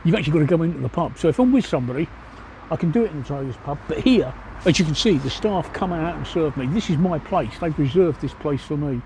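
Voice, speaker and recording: Cockney man livestreaming from a pub terrace, mellow, swears a lot. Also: fairly high pitch, expressive, fast talker, slight background noise. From East London, England. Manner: rambling and blunt, swears freely. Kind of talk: casual livestream chat answering viewers. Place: outdoor pub seating by a street.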